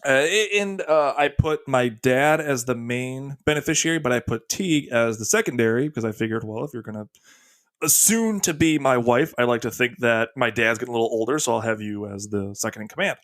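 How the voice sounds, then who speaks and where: A man co-hosting a podcast in casual chat, with a voice of middling pitch. He tells stories in a loose, rambling way and joins in with jokes. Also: fairly quick, fairly bright tone, no echo. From United States. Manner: joking, rambling storyteller. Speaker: podcast co-host.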